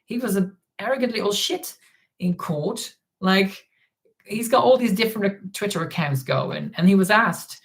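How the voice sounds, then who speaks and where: A man's voice: high-pitched, normal speed, a bit bright. Man, Dutch accent, livestream host, casual chat, reads viewer comments. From Netherlands. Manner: recounts events while reading viewer donations and comments.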